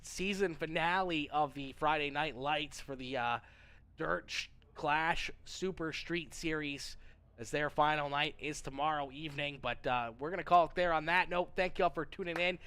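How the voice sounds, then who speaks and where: A man's voice: fairly high pitch, moderate pace, pushed and bright, clean tone. A man livestreaming and chatting casually with his viewers. He rambles, jokes and repeats himself, and says he is not feeling well. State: feeling unwell. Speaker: livestreamer reading chat.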